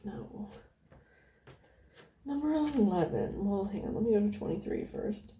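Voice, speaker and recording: A woman at an ordinary middle pitch talks through a tarot spread in a loose, meandering way, circling back on her own words as the thoughts come. Her voice stays soft and easygoing and sometimes sinks almost to a whisper. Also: level tone, fairly quick. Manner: meandering, thinking aloud with many fillers. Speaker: tarot reader. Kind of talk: casual tarot reading.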